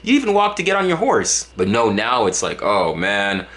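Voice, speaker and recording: Dallas vlogger, man, jokey rambling delivery, lively pitch swings. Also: a little fast. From Dallas, Texas. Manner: joking, exaggerated, rambling with restarts. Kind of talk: casual comedic monologue to camera.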